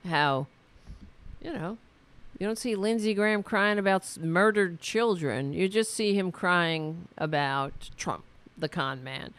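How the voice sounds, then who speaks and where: A woman hosting a casual political commentary show, sarcastic, profane and mocking, swinging between loud and soft. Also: medium pitch, clear, resonant tone.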